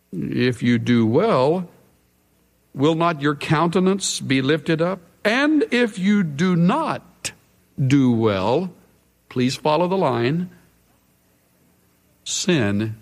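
A man preaching a sermon as a radio Bible teacher, emphatic, with dramatic pauses. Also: high-pitched, big-room sound.

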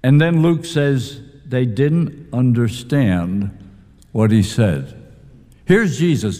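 Male preacher, unhurried, highly expressive delivery, long hall reverb. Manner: animated, emphatic preaching with dramatic pauses. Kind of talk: sermon.

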